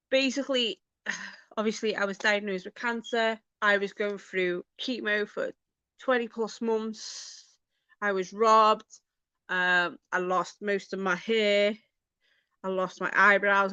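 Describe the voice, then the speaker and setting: A woman vlogging in casual chat, talking in a halting, hesitant way with many fillers. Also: medium pitch, sharp tone, clear, resonant tone, dry recording, highs cut off.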